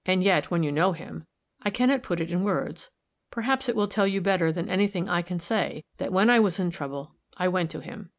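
A man's voice: high voice, fairly quick, creaky. A woman reading the lines of a troubled young man who speaks soberly and wistfully in an audiobook.

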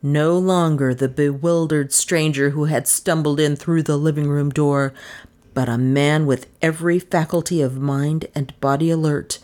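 A woman narrating an audiobook in a measured, even storytelling manner. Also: deep voice.

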